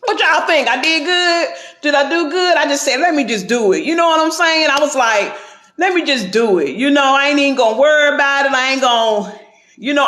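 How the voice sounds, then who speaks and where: A man's voice: extremely high pitch, pushed and bright, echoey room. A man hosting a casual livestream, chatty and encouraging, talking straight to his viewers and weaving faith into his talk. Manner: sprinkles talk with faith and praise. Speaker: livestream host. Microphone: phone, going live.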